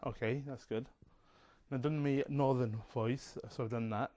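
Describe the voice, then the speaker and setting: Man, casual rambling talker, digressive, lots of "um" and "you know", mid pitch. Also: steady tone, unhurried, warm tone. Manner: chatty, digressive, many fillers.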